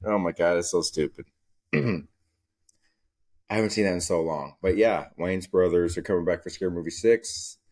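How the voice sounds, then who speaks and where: A young adult man hosting a solo comedy podcast, talking loosely and profanely and acting out scenes in squeaky voices. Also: a little mellow. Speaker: podcast host.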